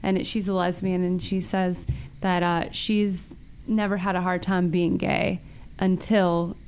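A woman's voice: fairly low pitch, unhurried, clear, resonant tone. A woman from the American South with a Southern twang, chatting as a guest and telling stories with animation. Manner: animated storyteller, acts out quotes. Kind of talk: casual chat.

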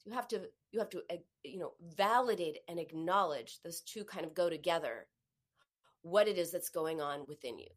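A woman's voice: on the low side, expressive, moderate pace. A middle-aged woman coaching on emotions in a live teaching talk, acting out sighs and inner voices as she explains.

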